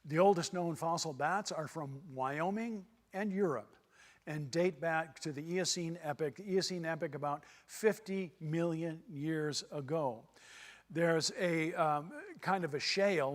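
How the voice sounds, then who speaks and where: Repeating himself to drive points home, a Texas man delivers a folksy seminar lecture in a church hall. His voice is a little high and a little slow, and the hall adds a long reverb.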